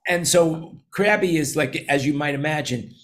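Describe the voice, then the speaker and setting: A man's voice: fairly high pitch, normal speed, fairly bright tone. A man in his sixties with a New York accent, hosting a casual roundtable chat and telling long, rambling stories with many restarts. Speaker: show host.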